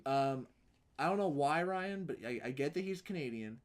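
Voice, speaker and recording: A man from the United States co-hosting a podcast in casual chat, swearing often and rambling in an animated way. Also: a little high, moderate pace. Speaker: podcast co-host.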